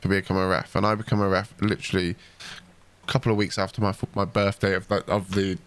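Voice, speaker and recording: A man's voice: deep voice, level tone, fast. A man hosting a podcast, telling rambling, sweary anecdotes in casual chat.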